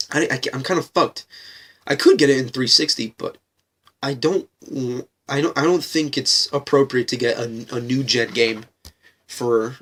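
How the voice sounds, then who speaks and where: Profane, excitable young man ranting. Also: mid-range voice, distant mic. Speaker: podcast host. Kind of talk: casual fan podcast rant.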